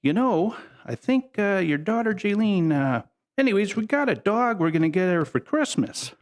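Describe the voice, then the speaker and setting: A man's voice: high-pitched, very animated, moderate pace, pitched above the performer's own voice. A man putting on the voice of a plainspoken older male rancher with dry humor, talking in terse, matter-of-fact bursts.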